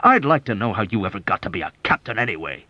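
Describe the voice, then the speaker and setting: Man doing loud blustery colonel, petulant, whiny, lively pitch, dry muffled audiobook recording. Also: quick pace, dry recording, exaggerated voice. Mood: blustering. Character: blustering petulant middle-aged male colonel.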